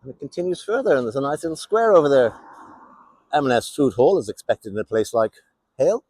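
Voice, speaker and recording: A man's voice: mid-range voice, animated, fast, a little mellow, breathy edge, no room sound. A man with an English accent giving wry, sardonic running commentary as he walks around a town outdoors. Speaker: vlogger on a town walk. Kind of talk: casual walking commentary.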